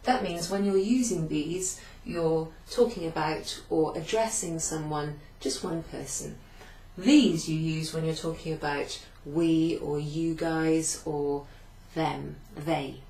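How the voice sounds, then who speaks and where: Her voice low, slow and warm, a woman recaps a beginner Italian lesson in a classroom-like room with a whiteboard, patiently explaining and repeating phrases. She writes on the board as she goes, turning away at times, and the echoey space carries a faint hum.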